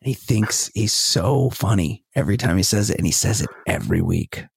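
A man's voice: fairly low pitch, wildly swooping pitch, normal speed, gravelly, slightly rough, no echo, studio quality. A man co-hosting a comedy podcast in casual chat, rambling and trailing off as he hunts for names. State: recovering from a finger injury. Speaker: podcast co-host.

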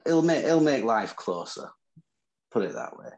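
A man's voice: medium pitch, big pitch swings, normal speed, darkish tone, lo-fi sound. A man with a Northern English accent, co-hosting a chat podcast and trading boastful, teasing banter. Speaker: podcast co-host. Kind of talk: casual chat about fantasy football.

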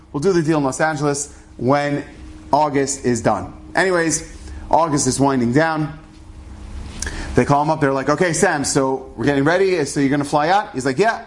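A man with a slightly higher voice tells a story in a loose, chatty way. He slips into the voices of the people he describes, his pitch rising and falling as he goes. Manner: chatty, acts out dialogue with shifting pitch. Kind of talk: casual spoken storytelling.

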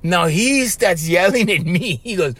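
A man's voice: sits high, a little slow, husky, dry recording. A man with a Hawaiian Pidgin-tinged accent, hosting a podcast and telling stories in a loose, chatty way, often tossing in "bro" and "right?" and chuckling. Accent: Hawaiian Pidgin-tinged English. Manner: animated, chatty, keeps saying "bro" and "right?", laughs between lines. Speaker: podcast host. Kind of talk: casual storytelling monologue.

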